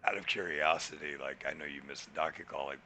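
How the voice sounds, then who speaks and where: Telling a story in casual chat, a podcast co-host with a very deep voice talks fast and animatedly, acting out the people he quotes. A slight hiss or hum is audible.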